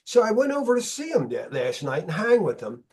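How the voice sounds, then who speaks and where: A man hosting a podcast, telling stories in casual chat as an animated, freely swearing storyteller. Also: high-pitched, a little fast, husky. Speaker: podcast host.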